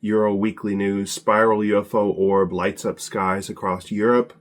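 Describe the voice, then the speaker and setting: A man's voice: fairly low pitch, level tone, normal speed. A man giving a casual spoken presentation, hesitant with many fillers and restarts, slightly out of breath as he gets over an illness.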